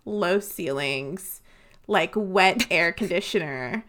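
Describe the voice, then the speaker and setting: A woman's voice: lowish voice, slow pace, a bit bright. A woman co-hosting a book podcast, telling stories in a chatty way, full of "like". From Louisiana. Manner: chatty storyteller, many "like"s. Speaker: podcast co-host. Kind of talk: casual book podcast chat.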